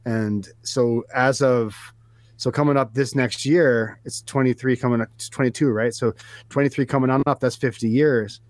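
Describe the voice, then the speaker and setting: A man's voice: medium pitch, fairly even intonation, normal speed, darkish tone, no room sound. Man stammering through a prank call. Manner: hesitant, repetitive, falsely soothing. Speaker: prank caller host.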